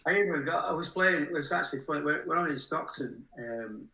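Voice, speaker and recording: A musician in his sixties, appearing as a guest, rambles through funny anecdotes and laughs at his own tales. His voice is on the high side, sharp, animated, and a little fast, picked up as roomy sound by a distant mic.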